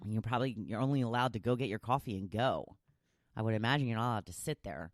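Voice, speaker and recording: Speaking at a fast clip in an extremely low pitch, a woman hosts her own podcast with clean, echo-free studio sound. She chats casually and teases herself, joking and laughing at her own expense, before shifting into an encouraging, motivational tone in this relaxed solo monologue.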